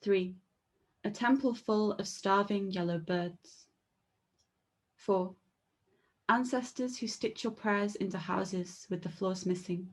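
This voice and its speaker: A soft-spoken woman introduces her poems with a few brief fillers, then reads them in a measured voice. She is at home and comes through a video call. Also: medium pitch. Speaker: poet. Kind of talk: poetry reading with spoken introductions. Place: at home, indoors.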